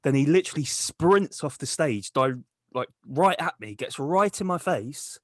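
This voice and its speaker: A man co-hosting a comedy podcast, telling a crude, deadpan tall tale. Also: on the high side, normal speed, no room sound, studio quality. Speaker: podcast co-host. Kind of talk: comic storytelling.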